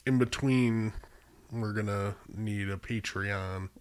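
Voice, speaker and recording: A man's voice: on the low side, steady tone, slow. A man co-hosting a podcast in easygoing casual chat, stuffy with a cold and mostly giving short agreeing replies. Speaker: podcast co-host.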